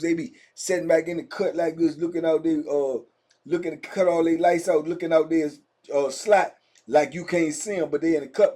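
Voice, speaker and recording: A middle-aged man telling a prison story in a casual, animated way, full of slang and talking straight to his listeners. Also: a little high.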